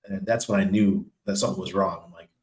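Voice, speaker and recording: A man's voice: low-pitched, fairly even intonation, quick pace. Chatty man streaming in an echoey room. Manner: loose, chatty, laughs often, trails off with ums. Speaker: crypto livestream host. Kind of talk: casual livestream chat reading viewer comments.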